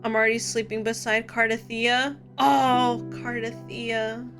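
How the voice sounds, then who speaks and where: A woman's voice: a little high, little pitch movement, unhurried, music in the background. A young woman streaming, chatting casually with her viewers, giddy and laughing often. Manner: giddy, laughs often, talks straight to chat.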